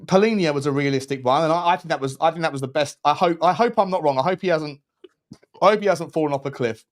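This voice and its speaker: Man, football watchalong host, chatty, rambling, slightly high voice. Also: fast. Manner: rambling, restarts phrases, chatty. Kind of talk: casual football watchalong chat.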